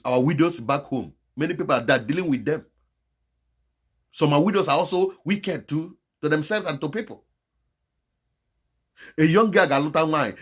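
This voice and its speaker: A man with a Nigerian Igbo accent delivering a moralizing monologue on his channel, mixing Igbo and English, impassioned and pleading by turns. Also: slightly rough. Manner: impassioned and moralizing, swinging between loud exhortation and low pleading. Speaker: channel host.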